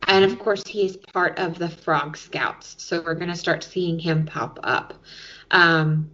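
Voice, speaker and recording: A woman's voice: on the low side, fairly even intonation, unhurried, pushed and bright, highs cut off. A woman co-hosting a podcast, casually recapping TV episodes and explaining each sketch step by step. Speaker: podcast co-host.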